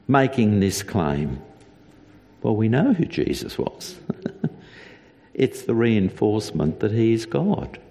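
A man preaching a sermon as a pastor, earnest and deliberate, with emphatic repetition. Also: medium pitch, gravelly, darkish tone, long reverb tail.

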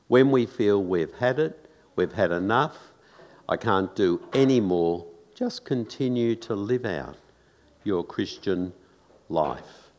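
Slow, low-voiced preacher in a hall. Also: male voice, darkish tone. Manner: earnest, conversational preaching with rhetorical questions. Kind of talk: sermon. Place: church.

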